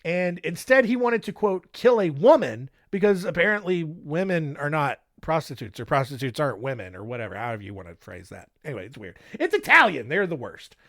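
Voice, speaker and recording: A man's voice: fairly high pitch, very animated, brisk, few pauses, sharp tone. A young man hosting a casual true-crime podcast, narrating with joking, irreverent asides. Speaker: podcast host.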